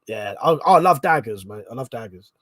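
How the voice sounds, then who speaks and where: A man's voice: medium pitch, animated, normal speed, a bit bright, no echo, clean studio sound. A British man hosting a casual late-night livestream. He is tipsy, laughs often, swears freely and reads chat comments aloud. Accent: British English. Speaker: livestream host.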